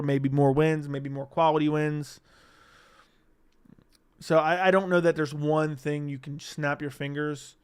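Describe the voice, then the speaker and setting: Young male streamer, slightly raised pitch and clean tone, loose, salty chat reading viewer comments. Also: smooth, dry recording, clean studio sound. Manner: casual, profane, reads chat comments aloud. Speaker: livestream host. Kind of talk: casual live-stream chat.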